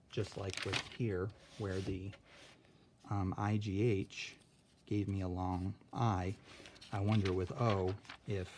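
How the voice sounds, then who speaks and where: A man with a fairly low voice teaches a spelling lesson to his class. He walks through each step plainly and keeps checking in with a quick "okay?". Faint noise sits behind him.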